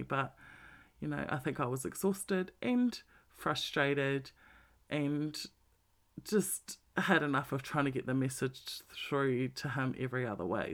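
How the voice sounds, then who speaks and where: A middle-aged woman, talking bluntly and swearing freely in a casual monologue, with animated emphasis. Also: rumbling low.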